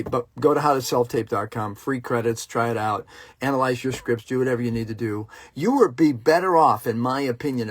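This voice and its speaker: A man's voice: mid-range voice, no echo. A middle-aged man who works as an actor, talking casually and bluntly to his viewers, heated and profane, breaking off to greet people in the chat. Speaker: working actor and online host. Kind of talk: casual livestream rant.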